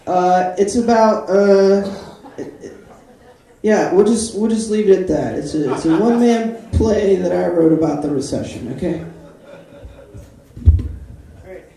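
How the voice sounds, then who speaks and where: An animated stand-up comedian on a club stage, breaking into character voices and jingles in the middle of the set. The voice sits in the middle of the pitch range. It sounds distant from the microphone, with a heavy echo filling the room. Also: unhurried, long pauses. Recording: echoey room, mic from a distance.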